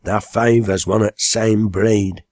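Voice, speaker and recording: A man playing a gruff old mower from a storybook, sneering at whoever stops him in broad Lancashire dialect. His talk is blunt, slow and dry, close to the mic. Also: lowish voice, steady tone, a little mellow, dry recording, close to an everyday voice. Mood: scornful.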